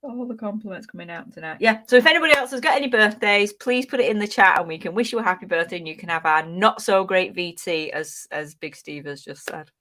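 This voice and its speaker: A woman's voice: medium pitch, quick pace, hardly any pauses, bright, forceful tone. A woman co-hosting a casual live chat, reading out viewer comments, playful and teasing, laughing often. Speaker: co-host of a reselling live stream.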